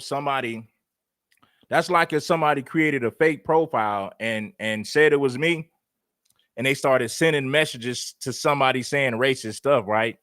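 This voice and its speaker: A man's voice: medium pitch, a bit bright, no room sound, clean studio sound. A man hosting a livestream, reacting to a clip with wry, skeptical asides to his viewers. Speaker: livestream host. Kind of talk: reaction commentary.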